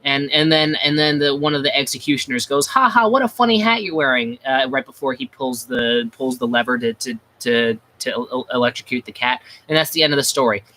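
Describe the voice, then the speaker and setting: A man's voice: mid-range voice, fairly even intonation, fairly quick, hardly any pauses, bright, forceful tone. A man chatting casually on a livestream, rambling with many restarts, crude and self-mocking. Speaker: livestream host.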